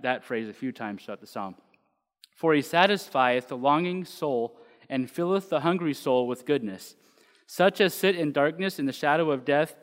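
A man preaching casually to a congregation, joking in asides before reading a psalm aloud. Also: medium pitch. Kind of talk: casual sermon with scripture reading. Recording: long hall reverb.

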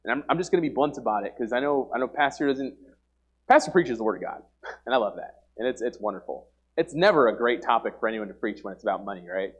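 A man's voice: medium pitch, expressive, quick pace, slightly rough. A young man preaching an informal sermon to a church congregation, earnest and emphatic, often repeating himself and using "like" as a filler. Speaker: lay preacher. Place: church service before a congregation.

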